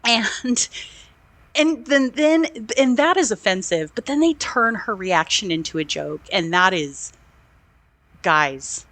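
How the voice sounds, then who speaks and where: A woman of middle pitch talks through a movie on a podcast, fired up and indignant, slipping into quoted lines with playful put-on voices. Her voice is dry and close, with no room sound around it. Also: takes it slowly, no echo. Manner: animated, indignant, acts out quotes in lively voices. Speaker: podcast co-host. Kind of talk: casual movie review chat. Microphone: remote call.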